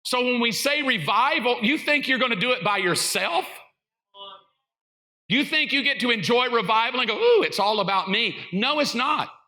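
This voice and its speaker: A middle-aged man with a Southern US accent, a pastor preaching a sermon full of funny stories, animated and self-mocking. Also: very high voice, normal speed. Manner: animated, self-mocking, acts out voices and sounds. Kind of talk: comedic sermon storytelling. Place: church sanctuary.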